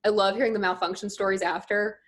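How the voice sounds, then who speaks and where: A woman's voice: medium pitch, fairly even intonation, quick pace, a bit bright. Chatty young woman telling stories. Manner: chatty, storytelling, lots of "like" fillers. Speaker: podcast guest, pageant contestant. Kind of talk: casual podcast chat.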